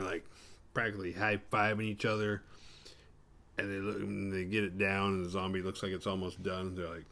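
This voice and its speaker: A man recapping a horror film for his show, swearing casually and jumping into quick voices for the characters. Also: low voice, a bit bright. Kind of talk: casual comedic retelling.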